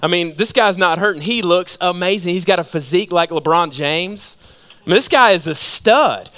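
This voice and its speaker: A male pastor preaching a sermon, telling stories in an animated way and asking many rhetorical questions. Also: sits high, normal speed.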